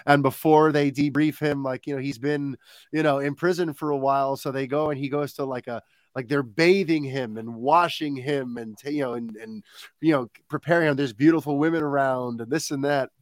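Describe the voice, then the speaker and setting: A man's voice: medium pitch, steady tone, brisk, no echo. A man co-hosting a podcast in casual chat, telling rambling stories with frequent chuckles. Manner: rambling storyteller, chuckles often. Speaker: podcast co-host.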